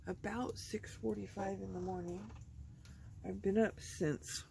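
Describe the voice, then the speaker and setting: A woman's voice: mid-range voice, fairly even intonation, unhurried, vocal fry, mellow, a little hiss or hum. A woman hosting a craft video, chatting casually and thinking aloud as she works at her table. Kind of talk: casual chat while crafting.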